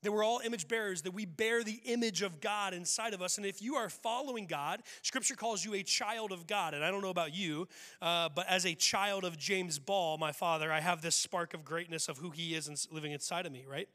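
A pastor with a high, bright voice preaches a loose, joking sermon. He talks to the room as if chatting, often restarting his phrases. His voice carries a long reverb from a church hall. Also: fairly quick. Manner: conversational, humorous, frequent restarts. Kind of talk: casual sermon. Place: church sanctuary.

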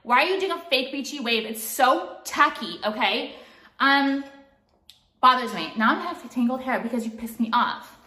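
Speaking at normal speed, the woman's high, sharp-toned voice moves with lively intonation while reverberating around her. She's a makeup vlogger ranting at home, cursing in frustration and using "like" almost every sentence.

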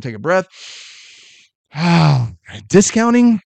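Middle-aged man, sales podcast host, rapid-fire motivational delivery, fairly high voice, dry close sound. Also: very animated, vocal fry, no echo. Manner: fast, emphatic and blunt. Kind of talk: energetic motivational talk.

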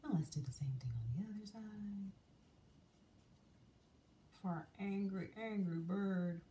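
A woman's voice: mid-range voice, measured pace, dark tone. A woman teaching young children a drawing lesson, coaxing and sing-song as she draws and asks them questions. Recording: distant mic, faint room noise.

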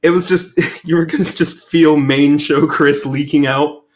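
A man's voice: on the high side, a little slow. A tired man co-hosting a podcast in casual chat, swearing freely and laughing often. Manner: profane, excitable, laughs a lot. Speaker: podcast co-host.

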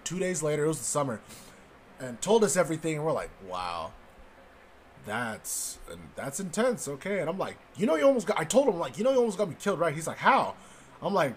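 A man's voice: fairly high pitch, slight background noise. A man in his twenties casually telling a story from his childhood, swearing often and laughing at his own story. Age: 20s. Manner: profane, laughing, animated storyteller.

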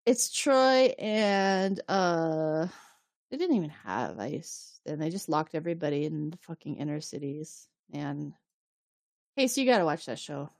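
A woman co-hosting a podcast, retelling an episode in a casual, animated way and acting out the quotes. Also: sits low, a little slow, dry recording, studio quality. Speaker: podcast co-host. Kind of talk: casual recap chat.

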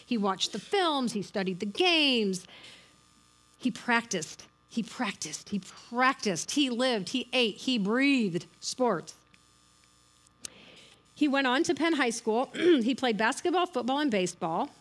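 A woman's voice: a little high, animated, takes it slowly, poor audio. A middle-aged woman giving a sermon, telling a story in an earnest, encouraging way. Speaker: church speaker.

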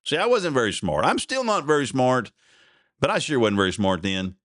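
A man's voice: mid-range voice, sing-song, moderate pace, a bit bright, no echo, studio quality. A man, hosting a podcast and telling a rambling personal story in a self-deprecating, chuckling way. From Oklahoma. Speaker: podcast host.

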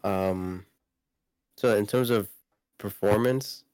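A man's voice: on the low side, takes it slowly, a little mellow, clean tone, no room sound. A man co-hosting a casual podcast chat about video games, rambling with lots of fillers and restarts. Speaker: podcast co-host.

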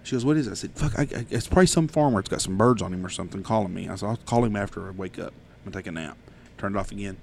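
A man rattles off a story at a quick clip. His low voice has a gravelly edge, and he tells it in a profane, animated way. He is a podcast host chatting casually. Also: slight background noise.

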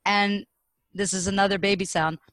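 A woman guest on a podcast, a speaking coach explaining and demonstrating vocal warm-up exercises. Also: mid-range voice, steady tone, normal speed, noisy background. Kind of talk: podcast interview.

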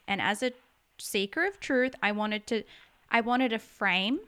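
A woman's voice: on the high side, moderate pace, sharp tone, clear, resonant tone. A woman hosting a podcast interview, earnest and speaking straight to her listeners. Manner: earnest, addresses listeners directly. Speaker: podcast host. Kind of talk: casual conversational interview.

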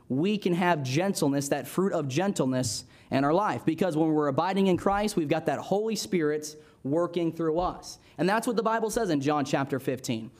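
A young man preaching a casual, conversational sermon, often checking in with the listeners with "amen?" and "right?". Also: sits high. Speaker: Sunday school teacher preaching.

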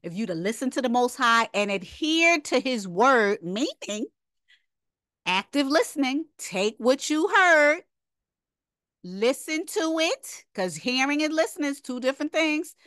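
A woman's voice: high-pitched, sing-song, measured pace, a bit bright, no room sound. Woman teaching a bible lesson, punchy, keeps firing rhetorical questions, dry close sound. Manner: emphatic, repeats rhetorical questions; conversational, drops into casual asides. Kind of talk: informal scripture lesson.

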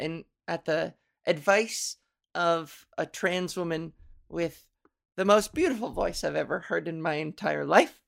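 A woman's voice: mid-range voice, creaky. A woman hosting her own podcast in casual solo chat, rambling and self-mocking and laughing at her own jokes, speaking into a microphone. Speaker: podcast host. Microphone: studio microphone.

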